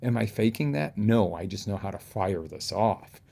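A man, a fitness coach, giving an animated motivational talk, jumping from loud outbursts to hushed asides. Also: lowish voice, normal speed, vocal fry.

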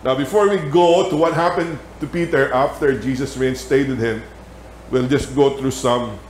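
A man with a Filipino accent teaching a Bible lesson in a church, telling stories in an animated way with laughter. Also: mid-range voice, normal speed, roomy sound, slight background noise. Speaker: Sabbath school teacher. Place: church hall.

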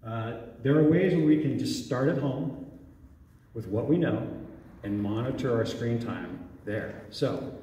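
A man's voice: lowish voice, mellow, a little hiss or hum. A man leading a parent talk at a church, speaking conversationally and often checking in with "okay?". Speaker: youth ministry director giving a parent talk. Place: church hall. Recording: echoey hall recorded from far off.

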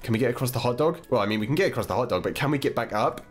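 A man's voice: mid-range voice, lively intonation, racing, soft background music. An English man hosting a gaming channel, chatting playfully and babbling to viewers as he plays through a game. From England. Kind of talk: let's-play game commentary.

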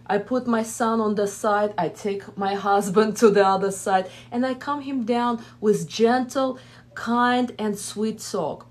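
Woman giving earnest relationship advice. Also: fairly high pitch. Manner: earnest, advising, with quoted asides. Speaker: relationship coach, host. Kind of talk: live Q&A advice talk.

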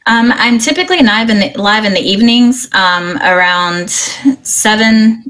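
A woman's voice: fairly high pitch, measured pace, fairly bright tone. A middle-aged woman from Missouri, a guest streamer talking earnestly and cheerfully, with plenty of "um" and "you know" and frequent giggles. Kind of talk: casual interview chat.

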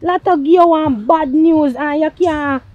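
An actress playing a man's caring partner, speaking with a Jamaican accent and coaxing him to calm down. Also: high voice, unhurried, no room sound, phone-quality sound. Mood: soothing. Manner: soothing, coaxing, repeats "calm down". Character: caring partner of a farmer, adult woman. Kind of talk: low-budget film acting.

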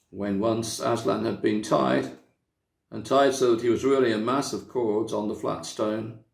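Gravelly man reading a storybook aloud. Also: medium pitch, darkish tone. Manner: measured, dramatic storytelling. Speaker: church member reading aloud. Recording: echoey room.

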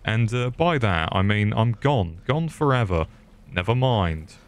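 A man's voice: lowish voice, lively intonation, a little slow. A young man doing comedic let's play commentary, sarcastic and swearing, cracking jokes at the game's characters. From England. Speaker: gaming youtuber.

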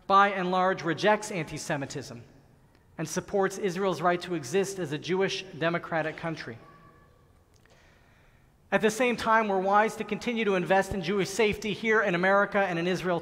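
A middle-aged man giving an earnest, measured sermon as a rabbi, with slow, emphatic pauses. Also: high-pitched, fairly bright tone. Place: large synagogue sanctuary. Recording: long reverb of a large hall.

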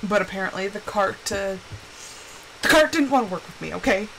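A young woman chatting casually while playing a game on a live stream, telling animated stories and putting on quick quoted voices. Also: medium pitch, background noise.

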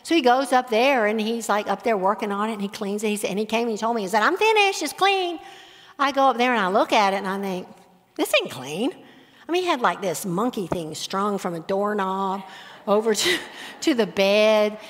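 A middle-aged woman teaching a Bible study on parenting, talking in a conversational, animated way. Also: mid-range voice, a little fast. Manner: conversational, animated, with laughs and acted-out examples. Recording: echoey hall with long reverb.

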